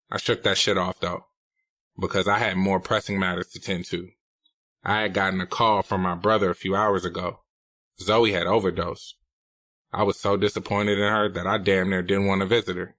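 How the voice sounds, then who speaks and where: A man's voice: low voice, fairly bright tone, dry recording. A man narrating a novel in the first person, in a blunt, profane, streetwise manner. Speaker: audiobook narrator.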